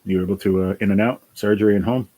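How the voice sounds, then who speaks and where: A man's voice: fairly low pitch, steady tone, quick pace, dark tone. A worn-out man chatting casually on a livestream, reading and answering chat, sighing and swearing now and then. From New Jersey.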